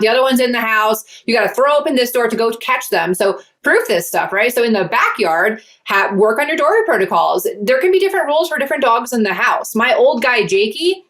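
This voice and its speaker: A woman's voice: a little high, fairly bright tone. A woman who is a dog trainer and co-host, adding practical tips in a casual chat and often affirming her partner.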